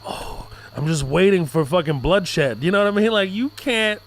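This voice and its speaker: A man on a casual podcast chat, telling animated stories and acting out other people's voices. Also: high-pitched, moderate pace. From Arab background. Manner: animated storyteller, acts out voices. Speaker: comedian guest.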